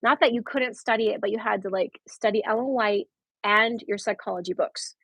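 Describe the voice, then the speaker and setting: A woman in her thirties, a guest telling her story in casual conversation, animated and laughing often. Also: medium pitch, fairly quick, slightly rough, no room sound, rough recording.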